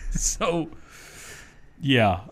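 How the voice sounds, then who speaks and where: A relaxed man with a drawl hosts a sports radio show from the studio, chatting casually and chuckling between points. His pitch sits in an everyday middle range. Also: extremely slow, a little hiss or hum. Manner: easygoing, chuckles often while talking.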